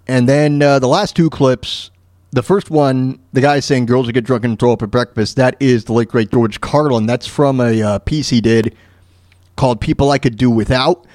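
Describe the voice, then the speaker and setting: A man's voice: medium pitch, darkish tone, no room sound, clean studio sound. A man hosting a comedy podcast, rambling casually through his notes with many fillers. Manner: rambling, lots of fillers and restarts. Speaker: podcast host.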